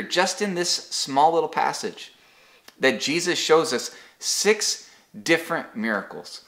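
A man teaching a Bible devotion in an easy, talky way, with a voice of ordinary middle pitch. He often doubles a word as he restarts and leans on homely stories to make his point. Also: sharp tone. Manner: conversational, repeats words as he restarts, tells homely examples.

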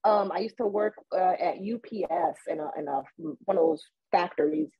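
A woman's voice: lowish voice, moderate pace, dry recording. A woman from Puerto Rico hosting a podcast, chatting casually and telling stories with a lot of laughter. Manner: animated storyteller, laughs often. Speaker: podcast host. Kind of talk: casual interview chat. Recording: muffled lo-fi sound with a husky edge.

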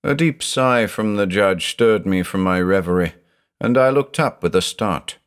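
A man narrating a horror short story in a measured, deliberate reading. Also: on the low side, clean tone.

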